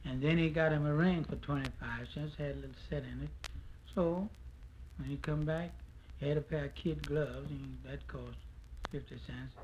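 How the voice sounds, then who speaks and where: High-voiced storyteller. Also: male voice, fairly even intonation, moderate pace, a little mellow, dull audio, a little hiss or hum. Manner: folksy, drawling storyteller. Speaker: folk singer. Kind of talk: folk storytelling and blues singing. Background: guitar.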